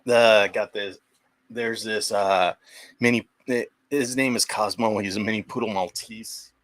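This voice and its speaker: Bright-voiced young man, rambling. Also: lowish voice, steady tone, measured pace, dry recording. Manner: rambling, many restarts and fillers, swears casually. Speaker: guest on a live stream. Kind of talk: casual chat.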